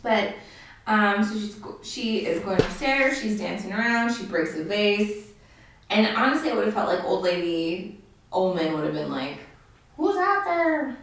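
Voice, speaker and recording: A woman's voice: medium pitch, normal speed, fairly bright tone, recorded from a distance, slight background noise. A woman chatting casually with a co-host about a horror film, laughing and filling her talk with likes and ums. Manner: chatty, laughing, many fillers and acted-out quotes. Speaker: podcast co-host. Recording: very echoey room, off mic.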